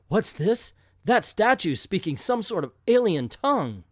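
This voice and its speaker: A man talks through an old comic book in a casual, joking way, reading it aloud and dropping self-deprecating asides. His voice sits a little high and moves a lot in pitch. The recording is close and dry. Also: big pitch swings, unhurried, dry recording. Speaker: comic book video reviewer.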